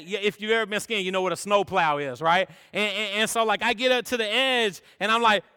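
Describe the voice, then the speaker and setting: A young man preaching a sermon, chatty and energetic, tossing in "man" and "all right?" as he tells stories. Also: high-pitched, fairly quick, hardly any pauses, clear, resonant tone. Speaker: pastor. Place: church sanctuary. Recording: long reverb of a church hall.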